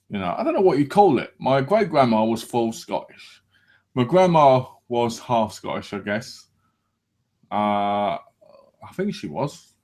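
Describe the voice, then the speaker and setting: An English man hosting a relaxed podcast, talking in loose, joking banter. He rambles, restarts his sentences and swears now and then. His voice sits at an ordinary middle pitch. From England. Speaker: podcast host. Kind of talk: casual banter.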